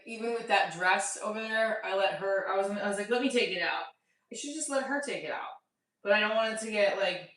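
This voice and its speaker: In a casual vlog, a comic in her thirties talks to herself on camera, rambling, cursing, and cracking up at herself. Her voice is on the low side, pushed and bright. The distant mic leaves her a bit off-mic amid a roomy echo.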